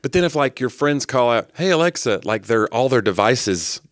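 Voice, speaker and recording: A man co-hosting a podcast, telling animated, jokey stories in casual chat. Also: mid-range voice, moderate pace, no echo, studio quality. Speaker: podcast co-host.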